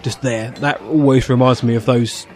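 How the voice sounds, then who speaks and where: A man's voice: mid-range voice, steady tone, moderate pace. A man from England co-hosting a podcast, casually chatting and reading out listener messages with a jokey manner and frequent laughs. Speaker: podcast co-host.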